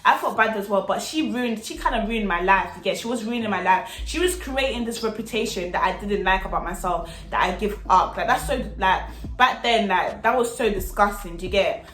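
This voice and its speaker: Young woman, slangy storytime vlogger, middle pitch, roomy echo. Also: fairly quick. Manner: animated slangy chatty storytelling. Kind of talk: storytime vlog.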